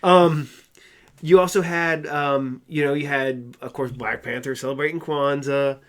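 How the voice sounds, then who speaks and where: Speaking at a measured pace, a man with a fairly high, steady voice and a fairly bright tone co-hosts a laid-back podcast. He rambles, leaning on lots of fillers and restarting often.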